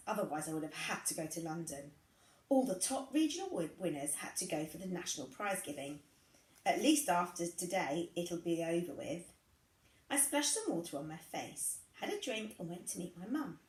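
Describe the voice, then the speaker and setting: A woman reading a first-person story aloud in an expressive, conversational way. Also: fairly low pitch, roomy sound, low-quality recording. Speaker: reader.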